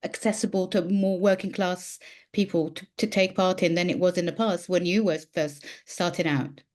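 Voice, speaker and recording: A woman's voice: fairly low pitch, steady tone, normal speed, a little mellow. A woman interviewing a filmmaker, asking questions in a hesitant, searching way. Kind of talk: casual interview.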